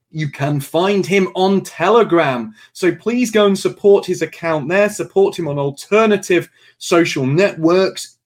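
A man hosting a livestream show, making earnest announcements and chuckling now and then. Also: sits high.

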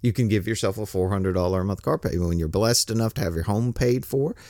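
A man's voice: on the low side, quick pace, a little mellow, dry recording. An older man hosting a podcast, talking in a rambling, folksy way and chuckling often. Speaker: podcast host. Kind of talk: casual solo podcast monologue.

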